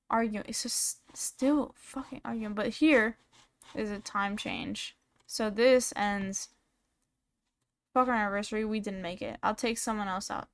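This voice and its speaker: Woman streamer, kinda high voice, reads texts out and swears a lot, blunt commentary. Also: creaky. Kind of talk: casual commentary reading out messages.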